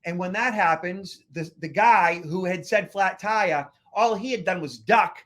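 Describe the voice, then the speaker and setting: Casual podcast co-host, a man from Boston with a high voice, rambling storyteller. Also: normal speed, a bit bright. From Boston area, United States. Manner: rambling anecdotal storyteller with many fillers and restarts. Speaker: podcast co-host, security expert. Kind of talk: casual chat.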